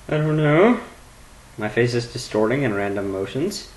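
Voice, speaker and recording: A man rambling goofily in a webcam vlog at home at his computer, jumping between low mumbling and sudden squeals. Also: very animated, moderate pace, low-quality recording. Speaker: vlogger.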